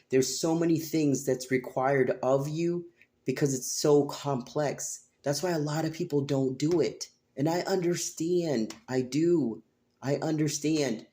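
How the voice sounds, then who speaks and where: A woman in her late forties talks straight to her tarot audience in an emotional personal monologue. Her voice is warm and mellow, and she drives her points home with passion, open swearing and repeated phrases. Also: extremely low pitch. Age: 40s. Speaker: tarot reader and channel host.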